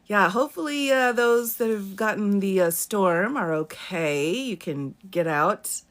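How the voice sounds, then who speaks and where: A woman attorney with a mid-range, animated voice talks a little slowly on her live Q&A stream, recorded by phone or webcam. It's relaxed chat: she reads the comments aloud, calls out viewers by name, and laughs frequently.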